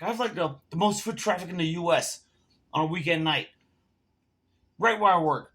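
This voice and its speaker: A man's voice: fairly high pitch, a little fast, fairly bright tone, breathy edge. A man ranting to camera in a casual vlog, telling a heated, profane story while smoking and drinking. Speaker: vlogger.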